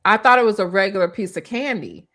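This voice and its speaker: A woman's voice: mid-range voice, fast. Middle-aged woman, interview guest, chatty storyteller, many restarts. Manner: animated, restarts often, acts out quoted voices. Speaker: interview guest, former hairstylist.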